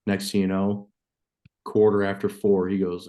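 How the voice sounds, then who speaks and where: A man from New York, a farmer and hunter, telling a story as a podcast guest, excited and profane. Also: low voice, moderate pace. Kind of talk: casual storytelling.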